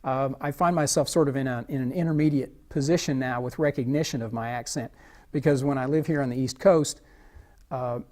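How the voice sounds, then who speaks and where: A man's voice: medium pitch, darkish tone. Man with a faint Southern drawl. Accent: faint Arkansas Southern US. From Arkansas, USA. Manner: measured and articulate, with frequent "uh" pauses. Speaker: interviewee. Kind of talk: casual interview talk.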